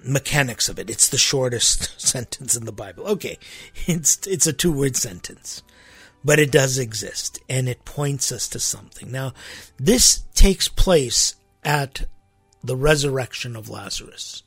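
Gravelly-voiced man teaching on Scripture. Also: medium pitch, no echo. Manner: conversational, emphatic, with frequent restarts and asides. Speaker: Christian podcast host.

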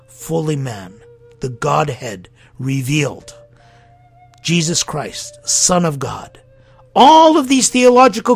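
A man preaching a sermon as pastor, impassioned and full of rhetorical questions, swinging between loud appeals and hushed lines. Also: fairly high pitch, slightly rough.

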